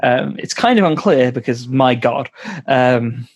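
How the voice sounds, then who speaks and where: A man co-hosting a podcast, playful in casual chat, with frequent hesitant pauses. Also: mid-range voice, expressive, dull audio. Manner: playful, many "um" pauses, quick laughs. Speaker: podcast co-host.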